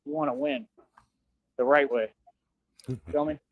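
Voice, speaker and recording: A man's voice: mid-range voice, fairly even intonation, a little slow, no echo. Boastful young man in a lo-fi clip. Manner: boastful, taunting, slangy. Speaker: streamer in a played clip. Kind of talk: boastful streaming rant. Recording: dull lo-fi stream clip.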